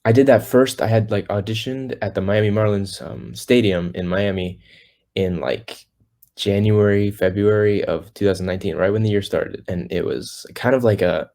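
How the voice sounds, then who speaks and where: A teenage singer, a guest in a casual podcast interview, rambles through his story with lots of fillers and restarts, acting out what other people said. He speaks in a lowish, dark voice with fairly even intonation and a moderate pace.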